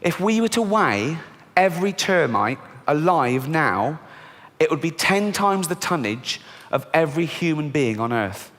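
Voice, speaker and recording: Animated stand-up comic on a stage. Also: male voice, fairly high pitch, measured pace. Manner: lively, deadpan punchlines with mock voices. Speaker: stand-up comedian. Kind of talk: stand-up comedy routine. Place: large theatre stage. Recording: live theatre with long hall reverb. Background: audience laughter.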